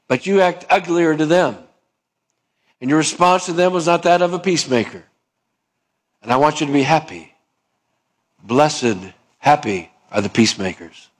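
A man's voice: mid-range voice, normal speed, long pauses. A man preaching a sermon as pastor, asking the congregation questions and acting out little dialogues in changing voices. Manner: acts out dialogues with shifting voices; calls for amen, asks the congregation questions.

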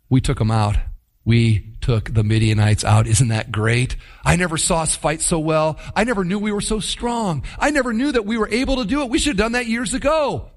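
Guy hamming up a swaggering soldier showing off, loud and gleeful, kinda high voice. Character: boastful male soldier bragging home from battle.

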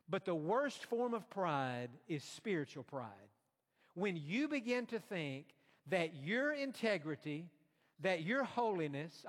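A man preaching a sermon, emphatic, rising to loud peaks when he quotes proud speech. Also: sits high, long reverb tail.

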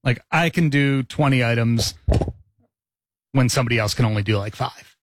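A man in his forties chats on a podcast in an easygoing, storytelling way. His voice sits at an ordinary middle pitch, recorded close with a dry sound. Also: normal speed, no echo. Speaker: co-host. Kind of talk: casual podcast chat.

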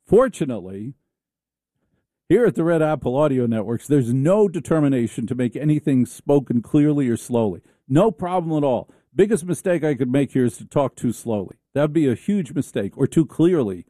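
A man's voice: medium pitch, animated, moderate pace, mellow, dry recording, clean studio sound. A man hosting a radio talk show, ranting comically with sarcasm, restarts and stammers. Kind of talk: comic rant monologue.

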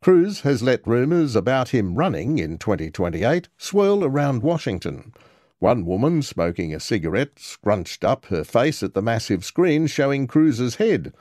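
A man's voice: mid-range voice, sing-song, unhurried, darkish tone, dry recording, clean studio sound. A man narrating a scripted news report as a reporter, with wry, sardonic commentary.

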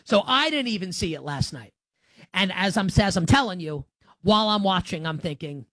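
A man's voice: high voice, lively intonation, normal speed, pushed and bright, dry recording. A man hosting a sports talk show, giving opinionated commentary in an emphatic, sarcastic way.

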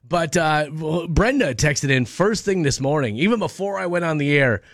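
A man hosting a morning radio show alone in a studio, chatting fast and tripping over his words. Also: fairly high pitch, lively intonation, dry recording. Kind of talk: casual radio chat. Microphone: studio microphone.

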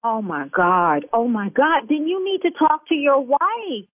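A woman's voice: high voice, sing-song, unhurried, dry recording. Heated woman on a phone line. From Chicago South Side. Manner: sassy, heated, scolding. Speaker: salon owner on a phone call. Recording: dry tinny phone line.

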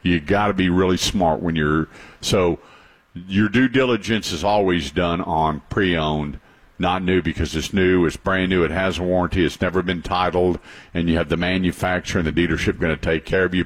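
A man hosting a radio talk show about cars, chatty and emphatic, telling stories with repeated points. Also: low voice. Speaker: radio show host, car advisor.

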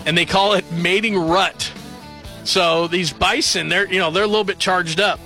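A man hosts late-night sports radio, rambling and joking from the studio. His voice sits a touch high and sounds bright and forceful. Soft music plays underneath. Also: fairly even intonation, normal speed.

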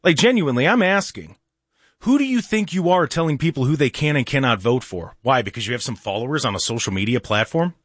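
A man's voice: mid-range voice, animated, quick pace, a bit bright, dry recording, studio quality. A male talk show host delivering a combative, sarcastic opinion monologue full of rhetorical questions.

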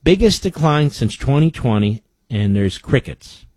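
A mid-range voice with big pitch swings, a measured pace, and a slightly mellow quality, recorded with no room sound. This radio host runs a political talk show, reading quoted reports aloud and cutting in with indignant sarcasm.

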